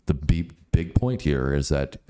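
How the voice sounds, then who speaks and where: Very deep-voiced Canadian man chatting. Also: lively intonation, unhurried, mellow, clear, resonant tone. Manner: chatty, rambling, joking. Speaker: co-host. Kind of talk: casual chat.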